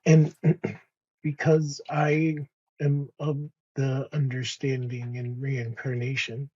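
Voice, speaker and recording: Slow, soft-spoken man with a husky voice. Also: mid-range voice, level tone, dry recording, muffled recording. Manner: slow, soft-spoken, with many pauses and restarts. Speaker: podcast guest. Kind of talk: reflective conversation.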